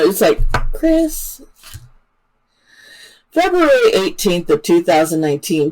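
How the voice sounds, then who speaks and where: An adult parent who hosts her own channel gives casual true-crime commentary, chatty and emotional, with many fillers and restarts. Her voice is on the high side, and the recording is rough.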